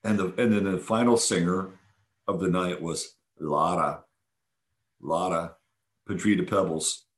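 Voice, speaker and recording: A man's voice: deep voice, fairly even intonation, unhurried. A man hosting a podcast, chatting enthusiastically about a weekend event in a casual monologue full of fillers and restarts. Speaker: podcast host.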